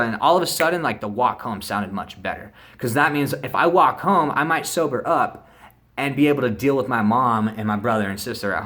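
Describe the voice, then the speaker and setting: A man's voice: medium pitch, sharp tone. A young man telling a casual, profane story to camera, acting out the other people's voices and sound effects as he goes.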